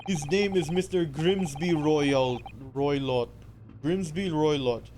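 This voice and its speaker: A streamer voicing a boastful male Russian ship crewman, loud and stern in broken English, with a put-on Russian accent. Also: on the high side, takes it slowly, noisy background.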